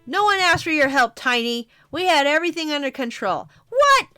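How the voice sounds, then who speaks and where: A woman voicing a brash, hot-tempered male creature who brawls, talking loud and cocky as she reads a comic aloud. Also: high voice, animated, normal speed, dry recording, soft background music, voice pushed up. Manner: loud, cocky, picks fights.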